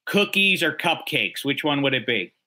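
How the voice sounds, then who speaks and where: Bright-voiced rambling sports radio man. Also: mid-range voice, sing-song, normal speed. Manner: rambling, joking asides. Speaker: radio sports show co-host. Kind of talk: casual sports chat.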